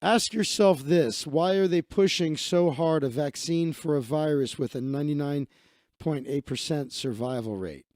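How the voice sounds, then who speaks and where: A man rambles and swears as he hosts a casual livestream, reacting offhand to whatever scrolls past. His voice sits a bit high for a man. The sound is dry and close, with no room around it. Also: moderate pace, a little mellow, no echo. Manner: rambling, profane and offhand, laughing at his own asides. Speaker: livestream host. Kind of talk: casual livestream chat, reading his feed aloud.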